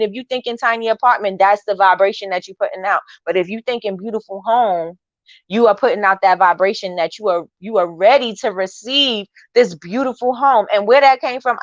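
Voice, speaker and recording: A woman's voice: medium pitch, no echo, lo-fi sound. Preachy, upbeat live-stream host woman. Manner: preachy and encouraging, repeats phrases. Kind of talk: lively motivational talk reading viewer comments.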